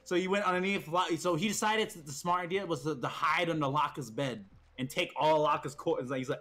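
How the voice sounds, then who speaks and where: A man's voice: fairly high pitch, brisk, few pauses, fairly bright tone. A young man streaming, casually telling stories about friends, swearing and laughing, acting out what they said. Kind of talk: casual storytelling chat.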